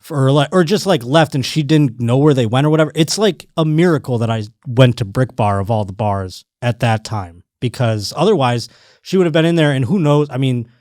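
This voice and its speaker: A man hosting a podcast, telling a rambling, animated story in casual chat. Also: medium pitch, fairly quick, dry recording, clean studio sound. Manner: rambling, animated storytelling with restarts and quoted voices. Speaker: podcast host.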